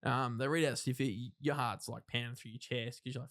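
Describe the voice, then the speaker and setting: A man's voice: medium pitch, fairly even intonation, fast talker, a bit bright. Man, thirties, podcast guest: blunt, rambling storyteller with lots of restarts and casual swearing. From Australia. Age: 30s. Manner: rambling, self-interrupting retelling with frank swearing and acted-out quotes. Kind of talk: casual interview, personal storytelling.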